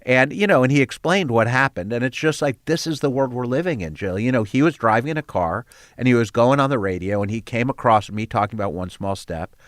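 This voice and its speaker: In a conversational interview, an older man who heads a storytelling nonprofit earnestly tells stories, using fillers and restarting sentences. His mid-range voice is animated and fairly quick. The recording is dry and studio quality.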